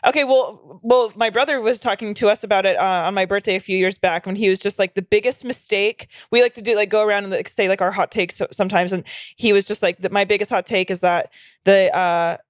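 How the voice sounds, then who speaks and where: A woman's voice: mid-range voice, fairly even intonation, a little fast, dry recording, studio quality. A young woman co-hosting a podcast, telling loose, rambling stories with plenty of swearing. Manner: loose, rambling, profane storytelling. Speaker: podcast co-host. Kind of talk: casual chat.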